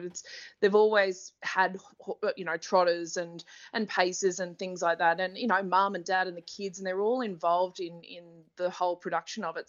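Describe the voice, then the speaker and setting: A woman's voice: lowish voice, fairly bright tone, lo-fi sound. A woman who hosts sports TV, chatting as a podcast guest and telling stories with frequent laughter. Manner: chatty storyteller, laughs often. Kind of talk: casual chat.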